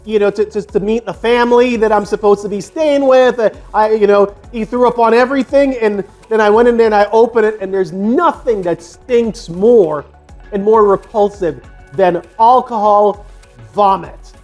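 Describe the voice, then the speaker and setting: A man's voice: high voice, normal speed, darkish tone, faint music behind. A man in his fifties from the United States, casually telling a personal story in a rambling way with many fillers and restarts.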